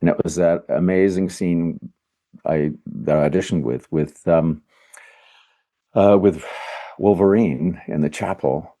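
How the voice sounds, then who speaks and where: A man's voice: sits low, a little slow, long pauses, warm tone. An older man, a voice actor guest, answering interview questions in an earnest, reflective way, often searching for words.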